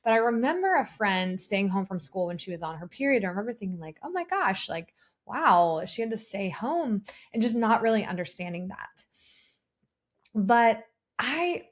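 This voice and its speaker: A woman in her thirties hosting a health podcast, speaking earnestly and personally as a nurse practitioner, with frequent fillers and restarts. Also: mid-range voice. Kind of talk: solo podcast talk.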